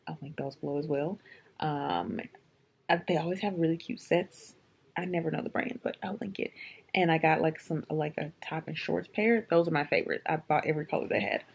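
A woman fashion vlogger chatting casually to camera, filling her talk with "um" and "like", in a low, husky morning voice. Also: a little mellow. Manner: chatty, lots of "um" and "like".

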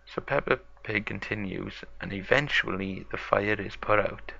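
A man narrating a toy-play story in a plain, halting storytelling way. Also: fairly low pitch, creaky, bright, forceful tone, no echo, highs cut off. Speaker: toy channel host.

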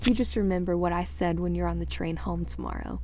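A woman's voice: fairly even intonation, a little fast, darkish tone, natural voice. A woman voicing a bossy know-it-all schoolgirl who snaps and hisses at the boys. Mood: scolding. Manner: snappish, shrill, hissing.

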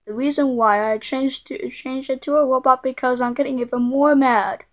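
A woman voicing a quick-tempered female computer error that scolds the user, threatening and stammering as she goes. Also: high-pitched, steady tone, close to an everyday voice. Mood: angry scolding.

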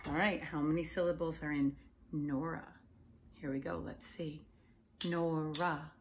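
A woman teacher giving a recorded lesson to young children, patient and encouraging, clapping out syllables and sometimes dropping to a soft whisper. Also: deep voice, steady tone, creaky, slight background noise. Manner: slow, patient and encouraging, claps and taps out syllables.

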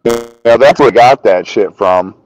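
A man's voice: medium pitch, measured pace, darkish tone, no echo, poor audio. A man guest on a podcast, telling casual stories about a friend with swearing and laughter. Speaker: podcast guest, reptile keeper. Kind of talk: casual storytelling.

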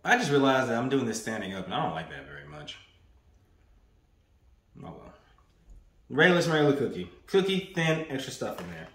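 A man hosting a casual snack-review vlog, his voice swinging up and down with lively, animated pitch. He talks in a loose, playful way and repeats his phrases. The sound is roomy and echoey, like a bare room indoors. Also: a little fast, creaky, pauses often. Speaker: food reviewer. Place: indoors, standing. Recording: roomy echo.

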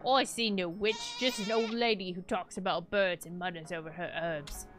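A woman's voice: fairly low pitch, fairly even intonation, normal speed, music in the background, pitched below the performer's own voice, lightly acted. A woman voicing a stern rustic male villager in a game, talking in a folksy, scolding drawl. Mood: dismissive. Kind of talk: voicing game characters on stream.

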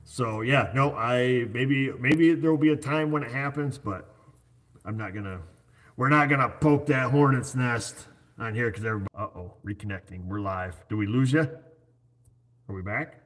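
A man's voice: mid-range voice, normal speed, a bit bright. A man in his forties hosting a casual livestream chat, rambling and joking as he talks into his computer. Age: 40s. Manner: rambling, jokey, chatty. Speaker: livestream host. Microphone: computer set up on his screen.

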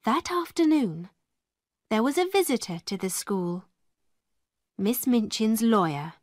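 A woman narrating a classic story for English learners in a slow, clear, expressive reading. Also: on the high side, no room sound, clean studio sound.

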